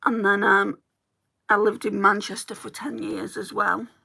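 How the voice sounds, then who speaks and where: Doing her makeup on a chatty beauty livestream, a Northwest English woman from England responds to viewers' comments. She talks a little slowly with a flat delivery, a medium-pitched voice, and a creaky, sharp tone.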